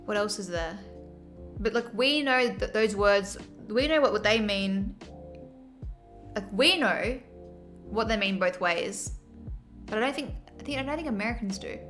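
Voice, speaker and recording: A woman's voice: medium pitch, a little slow, pauses often, fairly bright tone, soft background music. An Australian woman streamer chatting casually and laughing as she reads her chat aloud.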